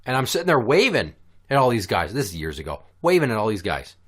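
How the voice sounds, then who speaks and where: A man hosting a casual podcast, telling stories in an animated, profane way. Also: fairly low pitch, fast talker. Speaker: podcast host.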